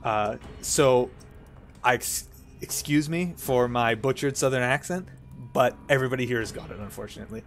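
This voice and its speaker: A man's voice: mid-range voice, moderate pace, faint music behind. A Canadian man hosting a let's play, chatty and self-mocking as he plays.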